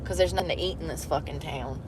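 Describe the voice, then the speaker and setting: A woman's voice: deep voice, fast talker, noisy background. A young woman vlogging from inside a car, rambling and complaining in a blunt, heavily profane way. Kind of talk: casual rambling monologue.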